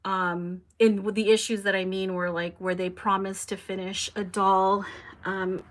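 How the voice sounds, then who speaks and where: Woman, young adult, livestream host, chatty, reads comments aloud, animated reactions. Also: medium pitch, a little slow. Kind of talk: casual live chat.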